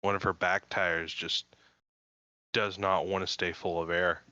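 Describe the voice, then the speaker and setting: Bright jokey male podcast host. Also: low voice, flat delivery, measured pace, dry recording, dull audio. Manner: jokey, self-mocking banter. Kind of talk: casual chat.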